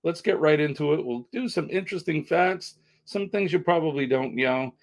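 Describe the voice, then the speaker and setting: A man's voice: fairly high pitch, animated, normal speed. A man hosting a casual live stream, chatting with viewers in the comments.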